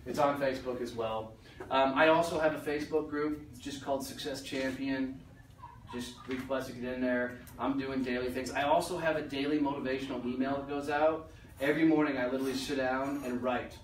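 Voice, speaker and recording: A man's voice: mid-range voice, fairly even intonation, fairly quick, a little hiss or hum. A man giving a motivational talk to a business audience, blunt and joking, swearing casually. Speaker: motivational speaker. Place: meeting room. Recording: roomy echo from far off.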